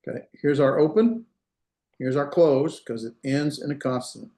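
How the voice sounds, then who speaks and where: A man's voice: on the high side, normal speed, mellow, echoey room. A man teaching an online language class, explaining patiently step by step and repeating words so students can hear them. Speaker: Hebrew instructor. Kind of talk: online lecture. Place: room, on a video call. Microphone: video call.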